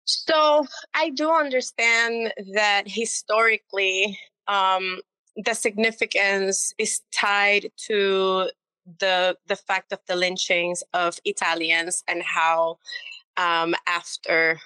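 A woman's voice: medium pitch, steady tone, takes it slowly, bright, forceful tone, smooth, no room sound, poor audio. A woman from the Caribbean, a city alderwoman, explaining earnestly as a podcast guest. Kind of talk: casual interview talk.

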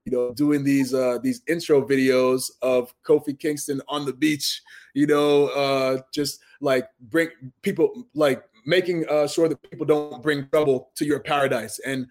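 A man's voice: medium pitch, steady tone, a little slow, darkish tone. A man in his thirties from Massachusetts telling stories as an interview guest, earnest and full of restarts. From Massachusetts, USA. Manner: earnest, storytelling, many restarts. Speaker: guest, pro wrestler. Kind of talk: casual interview talk.

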